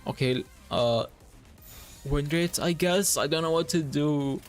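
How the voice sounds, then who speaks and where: A man streaming a game, excitedly thinking aloud and talking to his chat. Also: on the high side, takes it slowly. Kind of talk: live game commentary. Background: faint game music.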